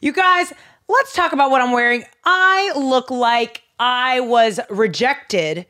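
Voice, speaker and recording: A woman's voice: sits high, animated, slow, pushed and bright. A young woman hosting a podcast from a studio, chatting casually in a playful, joking, rambling way. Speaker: podcast host. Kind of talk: casual chat. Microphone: studio microphone.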